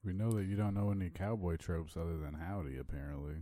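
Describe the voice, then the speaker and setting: A man's voice: sits low, steady tone, fast, dark tone, no echo. A young man co-hosting a casual podcast, teasing with dry, wry remarks. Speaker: podcast co-host.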